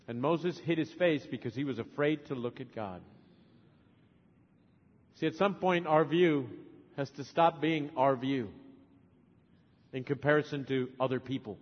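A man in his forties preaching a sermon as a missionary, emphatic, swinging from loud urging to soft, tender asides. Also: a little high, animated, takes it slowly, long pauses. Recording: long hall reverb, dull lo-fi sound.

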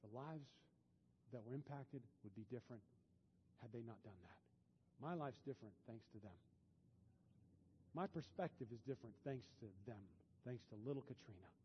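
A pastor preaching a sermon in a church, dropping to a hush and then building to loud, fervent peaks. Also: male voice, mid-range voice, lively intonation, moderate pace, a little hiss or hum. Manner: swings from hushed to loud and fervent. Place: church sanctuary. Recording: dull, long hall reverb.

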